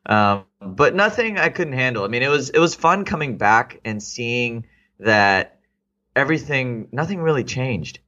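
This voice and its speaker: A man's voice: medium pitch, lively intonation, measured pace, pushed and bright, muffled recording. A man in his thirties from Texas, a guest in a casual interview, reflecting aloud with many fillers and restarts. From Texas, United States.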